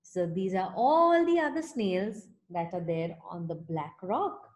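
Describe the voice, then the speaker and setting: Animated woman reading a storybook. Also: mid-range voice. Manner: animated, pausing to explain and ask questions. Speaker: teacher. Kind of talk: reading a picture book aloud to children.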